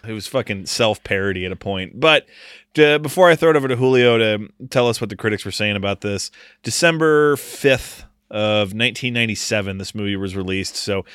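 Bright, crisp-voiced male podcast host. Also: fairly low pitch, dry recording, clean studio sound. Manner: rambling, filler-heavy delivery. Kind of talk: casual podcast chat.

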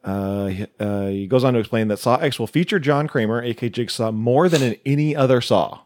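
A man's voice: mid-range voice, brisk, darkish tone. A man co-hosting a horror podcast, bantering and joking while relaying news items with plenty of fillers. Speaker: podcast co-host. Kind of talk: casual chat.

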